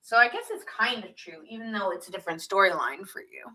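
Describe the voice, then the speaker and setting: Woman, tarot reader, bright voice, chatty, laughs a lot, casual live reading. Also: mid-range voice, lively intonation, fast, slight background noise. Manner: chatty, laughs often, acts out what people think.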